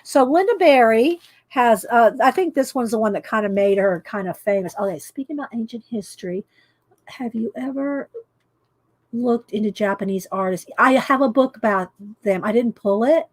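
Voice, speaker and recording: A woman with a slightly high voice talks in a loose, rambling way, full of ums and self-corrections. It sounds like casual show-and-tell chat to viewers. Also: animated, moderate pace, no echo. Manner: rambling, chatty, many fillers and restarts. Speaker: art book vlogger.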